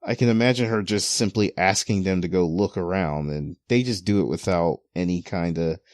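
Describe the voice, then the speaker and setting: A man's voice: deep voice, moderate pace, darkish tone, no room sound, clean studio sound. A man hosting a casual podcast chat, rambling with lots of fillers and restarts as he talks through manga pages. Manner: rambling with many "you know" fillers and repeated restarts. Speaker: podcast host.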